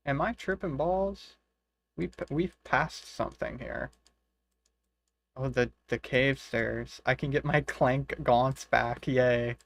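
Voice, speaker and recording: A man's voice: mid-range voice, takes it slowly, vocal fry. A man streaming a retro online game, chatting casually, reading the in-game dialogue aloud, swearing freely and laughing often. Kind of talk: casual gameplay commentary.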